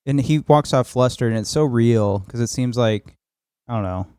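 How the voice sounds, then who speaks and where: Mellow-voiced man recapping film scenes. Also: mid-range voice, moderate pace, clean tone, no room sound, studio quality. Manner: rambling scene recaps, casual swearing. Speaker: podcast co-host. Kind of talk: casual film review chat.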